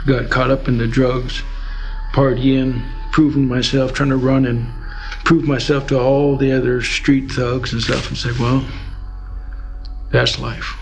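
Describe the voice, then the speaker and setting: A man's voice: medium pitch, flat delivery, a little slow, creaky, faint music behind. A middle-aged man from Alaska telling his life story in a rambling, filler-heavy way, as a guest in an interview. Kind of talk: personal testimony.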